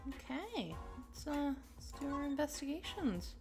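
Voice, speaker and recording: A woman giving quiet, casual commentary to herself while playing a game. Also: high voice, big pitch swings, a little slow, over music. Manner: quiet, musing asides to herself. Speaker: gameplay streamer.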